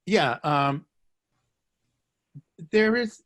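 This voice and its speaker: A man's voice: a little high, animated, drawn-out words, a bit bright. A man teaching a live online language lesson, joking, encouraging and repeating phrases for his students. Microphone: video call.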